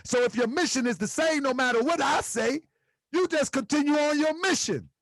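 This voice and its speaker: High-voiced man preaching to his chat. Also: moderate pace, a bit bright, dry recording, clean studio sound. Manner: preachy, rhetorical questions, repeats phrases. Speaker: host. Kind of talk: livestream commentary to chat.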